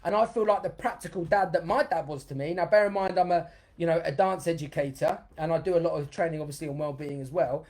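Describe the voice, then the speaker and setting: A man, a dance educator hosting a live-streamed motivational workshop, chatty and energetic, reading viewer comments aloud as he goes. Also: fairly high pitch, fast. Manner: bursts into loud cheers for emphasis.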